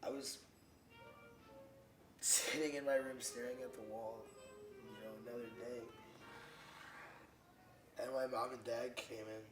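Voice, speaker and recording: A man's voice: medium pitch, flat delivery, a little slow, long pauses. A man delivering a rambling, conversational spoken-word rant over a music track. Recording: roomy echo over loud music.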